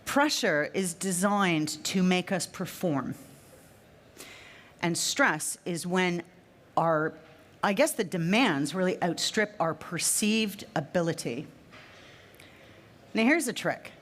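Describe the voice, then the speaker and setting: A woman's voice: on the low side, slow. A woman in her fifties giving a conference talk to a live audience, emphatic and fond of repeating her key phrases. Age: 50s. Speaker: speaker at a trade fair session.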